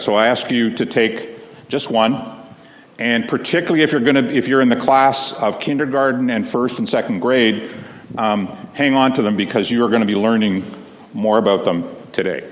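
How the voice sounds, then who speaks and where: A man, a minister, tells a children's story to a congregation in a gentle, slow storytelling manner, speaking to the children. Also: medium pitch. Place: large church sanctuary. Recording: long reverb of a big hall.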